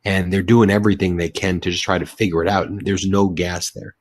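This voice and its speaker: A man's voice: sits low, flat delivery, brisk, no echo. A man giving emphatic, scornful political commentary. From United States. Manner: emphatic, scornful, mocks in put-on voices.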